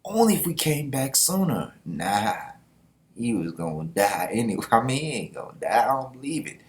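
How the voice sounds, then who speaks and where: A man's voice: mid-range voice, sing-song, moderate pace. A man hosting a casual manga reaction, talking in a loose, slangy way with laughing asides.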